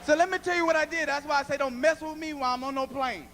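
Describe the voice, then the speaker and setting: A man performing a stand-up comedy routine on a club stage, an animated storyteller who often shouts. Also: very high-pitched, quick pace, a little hiss or hum.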